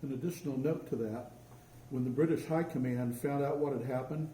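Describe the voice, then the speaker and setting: A man's voice: mid-range voice, brisk, dark tone. A man in the audience adding a comment from the floor during a talk. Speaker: audience member. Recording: distant, echoey room, faint noise.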